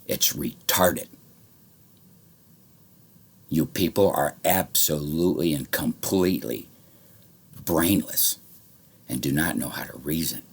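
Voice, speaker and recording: Very deep gravelly man, rambling rant. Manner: profane, veers between muttering and shouting. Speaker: vlogger. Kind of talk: rambling monologue to camera.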